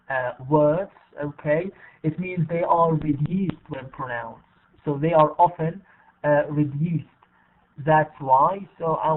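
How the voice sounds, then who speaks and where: A man teaching English in an online class, speaking haltingly with many fillers and repeated words. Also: on the high side. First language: Arabic. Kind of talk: bilingual online lesson. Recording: tinny phone-like online call audio.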